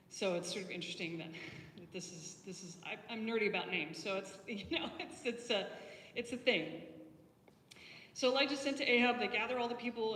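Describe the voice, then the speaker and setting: A woman with a lowish voice delivering a chatty, storytelling sermon, full of ums and false starts. She sounds a little distant from the mic, and her voice rings through a reverberant church hall with a faint hiss behind it. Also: fairly bright tone. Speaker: preacher. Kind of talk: conversational sermon.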